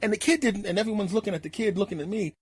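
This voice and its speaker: A middle-aged male comedian telling a story in an animated, emphatic way, acting out every scene. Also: high-pitched, very fast, slightly rough, dry recording. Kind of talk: comic storytelling.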